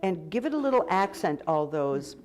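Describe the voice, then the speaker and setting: With a lowish, sing-song voice at normal speed, a woman guides a choir rehearsal by counting beats aloud and sometimes singing short counting phrases to demonstrate. Music can be heard clearly underneath her voice.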